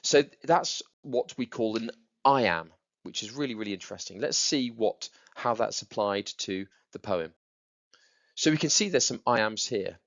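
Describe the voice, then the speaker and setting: A man's voice: fairly low pitch, expressive, unhurried, a bit bright, lo-fi sound. A male teacher walking students through a poem, stressing words by repeating them and tapping out rhythms. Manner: explanatory, repeats words for emphasis, taps out rhythms. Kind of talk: recorded lesson for students.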